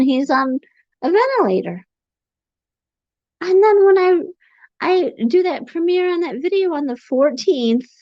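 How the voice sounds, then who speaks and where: A woman chatting on a home livestream in a meandering, halting way, pausing to sigh as she gathers her thoughts. The sound is dull and lo-fi, and it is bone dry, with no room around her voice. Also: high-pitched, dry recording. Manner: rambling, halting, sighs between thoughts. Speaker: livestream host reading chat. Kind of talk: casual livestream chat.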